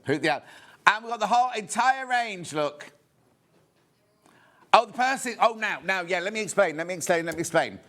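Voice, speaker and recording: Hosting a live shopping broadcast from a TV studio, a man from the West Midlands of England talks in a chatty, rambling manner with hurried asides. His voice sits high and sounds a bit bright.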